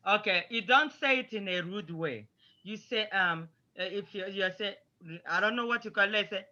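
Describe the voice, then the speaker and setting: A woman's voice: medium pitch, expressive, moderate pace, sharp tone. A woman teaching children in an online class, patient and coaxing as she explains. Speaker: language teacher. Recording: muffled lo-fi audio.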